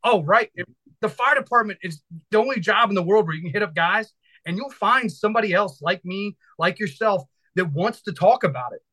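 A man's voice: high voice, expressive, a little fast, sharp tone, poor audio. A man in his thirties from Virginia, a firefighter instructor talking casually and energetically in an interview, rambling and swearing freely.

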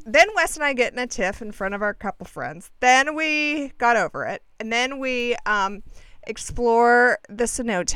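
A woman in her thirties chats through a travel story in a casual, sarcastic way, poking fun at herself. Her pitch swoops up and down a lot. Her voice is smooth and sits close and dry on the mic. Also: dry recording. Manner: sarcastic, animated, self-deprecating.

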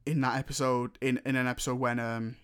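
A man in casual chat, opinionated and animated as he rants. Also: medium pitch, a little fast, clean tone.

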